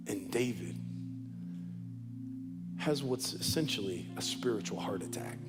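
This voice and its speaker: A man's voice: lowish voice, expressive, a little slow, long pauses, in a large hall, loud music behind the voice. Male pastor preaching with emphatic repetition. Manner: emphatic storytelling with heavy repetition. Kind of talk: sermon. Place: church auditorium.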